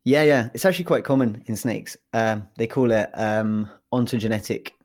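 A man's voice: mid-range voice, normal speed. English man chatting casually as a guest. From England. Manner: relaxed, chatty, many fillers and restarts. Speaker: PhD researcher guest. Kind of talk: casual interview chat.

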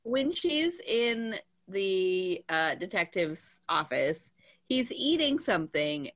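A woman's voice: medium pitch, sing-song, takes it slowly, a bit bright. A woman co-hosting a casual chat, teasing the others with jokes. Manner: teasing, joking. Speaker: podcast co-host.

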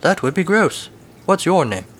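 A man's voice: on the high side, very animated, normal speed, fairly bright tone, voice pushed up. A man doing a laid-back, folksy talking horse. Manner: drawling, casual, dry.

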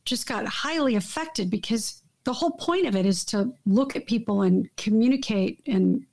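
Animated woman with a gravelly edge. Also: a little high, moderate pace. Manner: emphatic, animated, trails off and restarts often. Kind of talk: casual conversation. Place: Los Angeles.

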